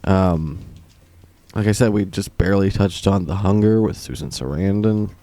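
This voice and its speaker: Gravelly low-voiced man chatting. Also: moderate pace, mellow. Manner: joking, laid-back film banter. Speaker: podcast co-host. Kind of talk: casual chat.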